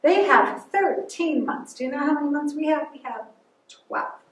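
A woman presenting a library lesson to children, speaking slowly and patiently and sounding out words for them. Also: sits high, expressive. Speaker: library program host teaching children. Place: library room. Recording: echoey room, voice far from mic.

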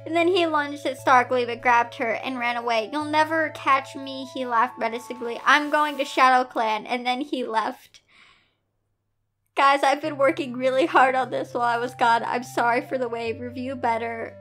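High, bright-voiced woman reading aloud. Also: steady tone, moderate pace, soft background music. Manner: incredulous, laughing asides between read lines. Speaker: host reading fan fiction aloud. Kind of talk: reading a story aloud with commentary.

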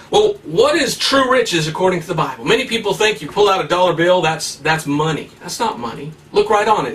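A man's voice: high voice, a bit bright, recorded from a distance, a little hiss or hum. A man preaching a sermon in a fiery, emphatic way, full of rhetorical questions.

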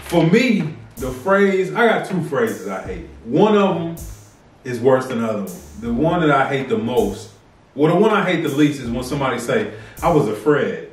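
A man's voice: medium pitch, big pitch swings, moderate pace. A man in a casual comedic rant with loose slangy phrasing, frequent restarts and exaggerated disgust. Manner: laid-back, loose slangy talk with many restarts. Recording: echoey room, mic at a distance, faint music.

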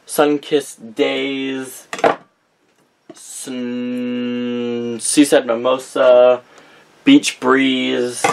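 Young male vlogger, unhurried and rambling, stops often to correct himself, faint hiss behind. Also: mid-range voice, creaky. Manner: rambling, reads out names with frequent self-corrections. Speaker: vlogger showing a candle collection. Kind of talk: casual chat.

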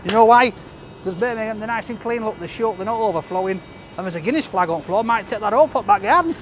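A man's voice: sits high, animated, fast talker, a little hiss or hum. A man, chatting cheerfully and jokily to camera as a food-review vlogger on a city side street. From Leeds. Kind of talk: casual chat to camera.

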